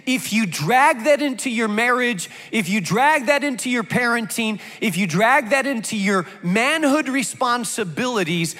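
A man's voice: high voice, fairly bright tone, big-room sound. A man preaching a sermon to a congregation, driving his points home with emphatic repetition. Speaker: pastor.

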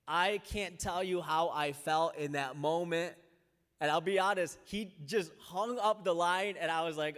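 A young man preaching a sermon as a pastor, telling stories with energy and slowing down to pray. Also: fairly high pitch, clean tone. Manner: lively storytelling, slows down and softens in prayer. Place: church. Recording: long reverb of a large church hall.

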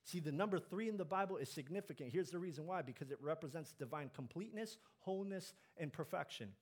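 Guy preaching a sermon, kinda higher voice, gets loud then goes real soft. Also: lively intonation, quick pace, few pauses. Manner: builds to loud emphatic peaks, drops low and soft on key lines.

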